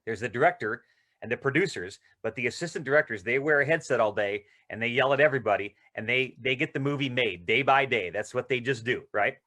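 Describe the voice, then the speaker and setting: A male actor, interviewed as a guest, telling rambling, excited anecdotes in casual conversation. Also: medium pitch, quick pace.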